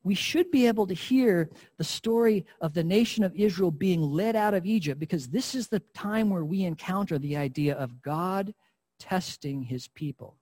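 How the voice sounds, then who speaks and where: An earnest male preacher delivers a sermon and speaks straight to his listeners. His voice is husky and sits a little high for a man, and he stresses his points with emphasis. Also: moderate pace, a little mellow.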